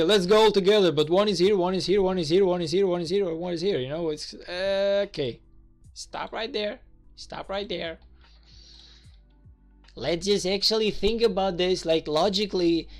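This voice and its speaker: A man streams a strategy game, talking in loose, exasperated rants packed with fillers and the odd curse. His voice sits a little high for a man. Faint music plays behind him. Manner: exasperated, rambling, swears, many fillers. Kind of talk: casual gameplay commentary.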